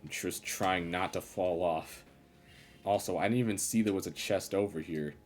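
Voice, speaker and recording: A man with a very low voice talks through a platform game on a live stream. He grumbles in an exasperated, sarcastic way. Faint game music plays under his voice. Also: moderate pace, darkish tone. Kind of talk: live gameplay commentary.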